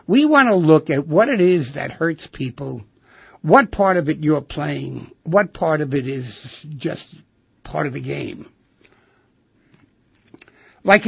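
Radio host guy, gravelly husky voice, kinda high for a man, dull lo-fi broadcast sound. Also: dry recording. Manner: thoughtful, asks rhetorical questions. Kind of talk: reflective radio monologue.

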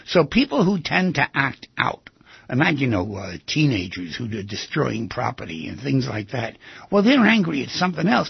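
A man with a very husky, gravelly voice hosts an advice talk show, his pitch swinging widely as he talks. He is folksy and animated, acting out little exchanges. The sound is dull and lo-fi. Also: dry recording. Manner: animated, folksy, acts out quoted speech. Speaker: talk radio advice host.

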